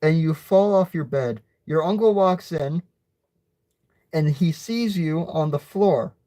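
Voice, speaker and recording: A young man reads his own homemade short story aloud. He goes slowly and stumbles, restarting words and stopping for little side remarks. The reading sounds casual and unrehearsed. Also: a little high, expressive, warm tone. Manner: slow, halting reading with slips and asides.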